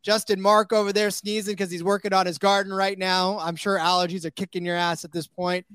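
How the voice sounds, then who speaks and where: High-ish guy hosting a betting pod, rambly and jokey, dry close mic. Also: level tone, brisk, fairly bright tone, clean tone, no room sound. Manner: chatty, jokey, many fillers. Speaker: podcast host. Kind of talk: casual sports betting chat.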